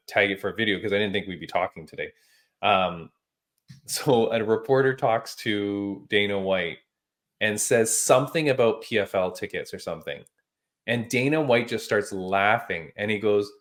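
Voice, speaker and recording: A man hosting a casual podcast chat, telling stories in an animated, emphatic way with casual slang. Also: on the low side. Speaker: podcast host.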